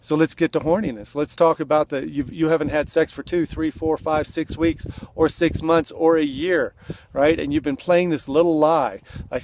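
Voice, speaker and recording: A man's voice: a little high, fairly even intonation, normal speed, a little mellow. A man coaching other men straight to camera in an earnest, conversational way, acting out the lines he suggests they say. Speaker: relationship coach. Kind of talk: direct-to-camera coaching talk. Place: indoors, seated.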